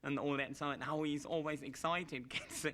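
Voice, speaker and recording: A man talking haltingly and cheerfully about a show he enjoys. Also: a little high, steady tone, fairly bright tone, a little hiss or hum. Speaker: fan interviewed.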